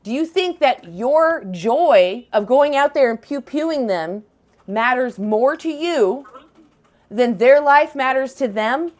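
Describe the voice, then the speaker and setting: A woman's voice: sits high, animated, takes it slowly. A woman hosting a live debate stream, challenging callers in a scolding, confrontational way. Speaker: livestream host debating callers.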